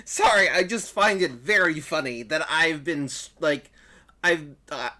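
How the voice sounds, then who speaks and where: A man's voice: on the high side, measured pace, bright, forceful tone. A man who does voice acting, chatting casually and laughing through a game playthrough, rambling with lots of fillers. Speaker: voice actor voicing a game playthrough. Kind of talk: casual let's-play chat.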